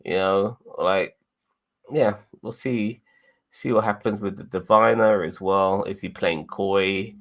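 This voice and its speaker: A man hosting a casual review chat, rambling and swearing freely, with frequent restarts. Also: low-pitched. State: tired and yawning. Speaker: podcast host.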